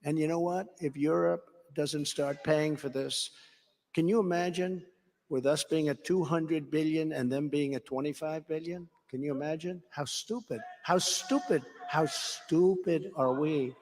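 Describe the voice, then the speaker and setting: An older man delivers a rambling rally speech, bragging and repeating his points. His voice is slightly high for a man and swings between hushed asides and loud emphasis. Long reverb hangs on every phrase from the large hall. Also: steady tone, a little slow. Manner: boastful, repetitive, rambling, swings from quiet asides to shouts. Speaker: political speaker. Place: political rally.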